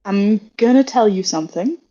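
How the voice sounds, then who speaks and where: A woman's voice: mid-range voice, expressive, warm tone, lightly acted. Woman voicing protective kid hero, earnest delivery, dull lo-fi sound. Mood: sincere. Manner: slow, earnest confession. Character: young hero girl, sincere and protective.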